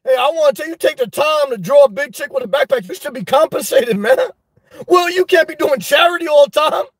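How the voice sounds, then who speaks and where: A man hosting a live stream, reading chat and telling a story in a loud, animated way, swearing often. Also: very high voice, brisk, no echo. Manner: animated, loud, swears a lot, repeats himself. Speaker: livestream host reading chat. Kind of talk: casual livestream rant.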